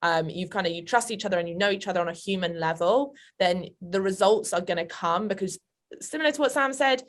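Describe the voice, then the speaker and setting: A woman's voice: medium pitch, fairly quick. A woman with a London accent, a sales manager on a webinar panel, chatting with many fillers over a video call.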